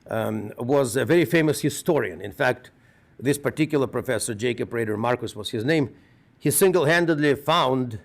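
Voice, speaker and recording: Russian-accented rabbi giving a eulogy. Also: male voice, mid-range voice. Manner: earnest, measured storytelling with restarts. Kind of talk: funeral eulogy.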